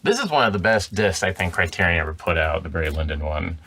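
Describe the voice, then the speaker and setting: A man with a deep voice, talking about films on a podcast. He is enthusiastic and drops quick asides as he goes. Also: very animated, pushed and bright, breathy edge. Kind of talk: podcast film commentary.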